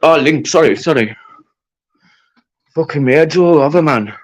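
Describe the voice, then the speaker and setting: A man's voice: on the high side, normal speed, no room sound, rough recording. A British man ranting on a livestream, confrontational and swearing heavily. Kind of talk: angry livestream rant.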